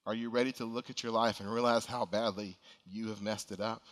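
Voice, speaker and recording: A man's voice: lowish voice, steady tone, fairly quick. A man preaching a sermon as pastor, earnest and emphatic in his appeals. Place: church sanctuary. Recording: long reverb of a large hall.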